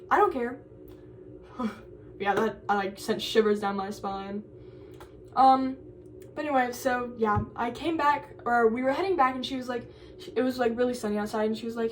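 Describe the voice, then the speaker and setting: A woman's voice: a little high, fairly quick, distant mic, slight background noise, rough recording. A young woman in college chatting casually for her vlog, rambling with lots of fillers and restarts. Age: young adult. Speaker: college vlogger.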